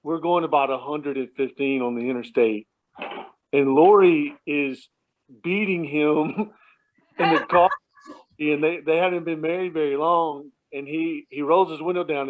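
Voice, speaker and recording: A man's voice: on the high side, unhurried. A man casually telling family stories on a phone call, chuckling often and restarting his sentences as he rambles. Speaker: relative sharing memories at a family remembrance. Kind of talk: casual anecdotal storytelling. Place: at home at night. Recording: tinny phone line.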